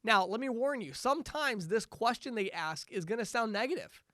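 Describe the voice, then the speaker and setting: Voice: mid-range voice, animated, fairly quick, hardly any pauses, bright, forceful tone, no room sound, studio quality. A sales trainer giving a recorded training lecture, coaching conversationally, repeating words for emphasis, chuckling now and then and acting out quotes from prospects.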